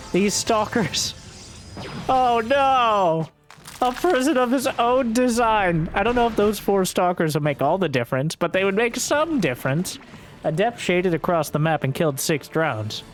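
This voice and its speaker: A man casting a strategy game match solo, joking along and bursting into high-pitched exclamations. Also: lively intonation, moderate pace, slight background noise. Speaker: esports caster. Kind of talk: solo play-by-play commentary.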